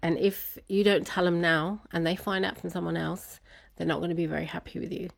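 Woman telling her story, laughs a lot, lowish voice, dry sound. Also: fairly quick, creaky, no room sound. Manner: laughs often, animated when quoting others. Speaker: guest. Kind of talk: personal storytelling in an interview.

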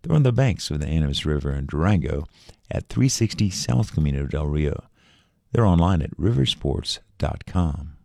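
Very deep gravelly male radio announcer. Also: no echo, clean studio sound. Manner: steady, measured reading. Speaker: local public radio announcer. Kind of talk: read river report and sponsor credits.

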